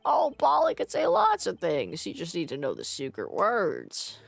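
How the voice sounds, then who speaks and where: Brief: woman playing a rambling old pasta-shop owner, creaky and high, big swooping lines, video game. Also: huge pitch swings, moderate pace, no room sound, full character voice. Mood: doting.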